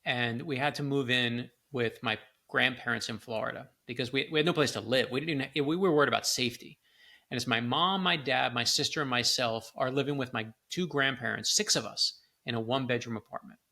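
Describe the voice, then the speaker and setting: A man's voice: mid-range voice, brisk, gravelly. A middle-aged man, an author as a guest, telling personal stories in conversation and acting out the quoted lines. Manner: animated storyteller, acts out quoted lines. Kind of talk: storytelling in a conversation.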